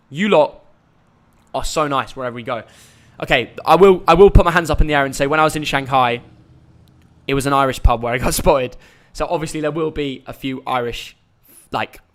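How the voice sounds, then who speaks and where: A man's voice: medium pitch, fairly bright tone. A young man, hosting a casual live stream and chatting in a rambling, jokey way. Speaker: YouTube host.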